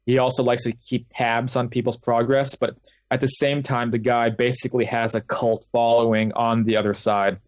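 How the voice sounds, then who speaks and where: Here a guest author with a mid-range voice rambles through his experiences in a casual interview, restarting often and using plenty of fillers. The sound is a dry, dull, lo-fi call recording.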